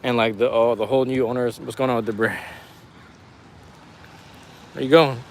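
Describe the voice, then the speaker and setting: A man's voice: medium pitch, steady tone, moderate pace, slight background noise. A man live-streaming as he walks a city street in the rain, talking in a laid-back, rambling way full of slang, his voice a little worn. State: losing his voice. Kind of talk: casual walking live stream.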